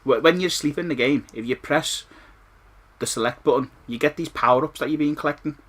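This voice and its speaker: A man with a Scouse accent gives an old game review in a bright, forceful voice. He rants and swears without restraint. He rambles and repeats himself as he goes. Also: on the high side, brisk. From Liverpool, England. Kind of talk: ranting retro game review.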